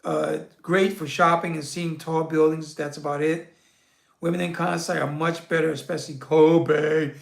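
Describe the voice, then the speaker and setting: A man's voice: a little high, little pitch movement, moderate pace, gravelly, echoey room. A man hosting a casual livestream, reading viewer comments aloud and answering in a loose, slangy way with frequent laughs. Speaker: livestream host reading chat.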